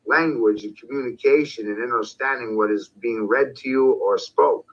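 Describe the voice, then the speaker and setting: In dull lo-fi audio, a man speaks at medium pitch and normal speed through a ranting monologue. He's an online commentator, confrontational and profane, raising his voice to a shout now and then.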